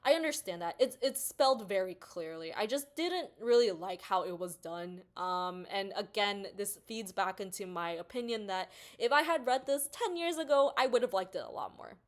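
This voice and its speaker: A woman's voice: mid-range voice, expressive, normal speed, few pauses. A young adult woman rambling casually through a book review, full of fillers and restarts.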